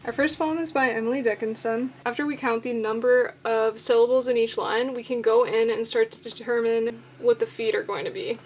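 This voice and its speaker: A woman's voice: fairly high pitch, steady tone, brisk, few pauses, slight background noise. A young adult woman teaching poetry writing in an instructional video, explaining methodically step by step with the odd filler.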